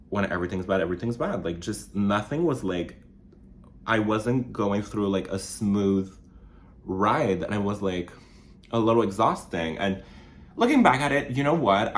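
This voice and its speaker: A deep-voiced young man with a French Canadian accent chats casually to camera in his small studio apartment. He rambles, with frequent fillers and restarts, and his voice often leaps up before settling low again. Faint room ambience sits behind him. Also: a little hiss or hum. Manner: rambling, many fillers and restarts, sudden jumps up in pitch. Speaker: vlogger. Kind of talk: casual chat while doing makeup.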